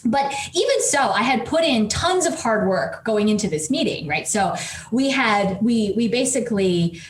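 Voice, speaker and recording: A woman professor telling a story as a podcast guest, animated and quick, with many fillers. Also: fairly high pitch. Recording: roomy echo with faint noise.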